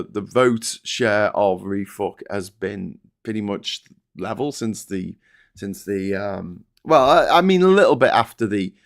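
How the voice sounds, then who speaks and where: A middle-aged British man hosting a live stream, reading chat aloud and giving wry, chatty commentary on the papers. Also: medium pitch. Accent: British English. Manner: sardonic, chatty, reads chat and mocks headlines in silly voices. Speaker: host.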